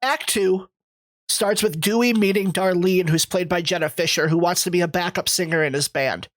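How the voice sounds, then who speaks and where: A podcast co-host reading a film's plot summary in a steady, measured way. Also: medium pitch, no room sound, rough recording. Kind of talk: reading a plot summary, then casual discussion.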